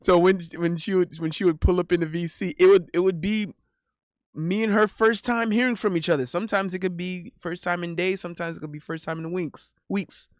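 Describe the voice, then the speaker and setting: A man's voice: high voice, steady tone, a little fast, no echo, clean studio sound. A young man telling a rambling, casual story as a streamer, with lots of restarts and laughter.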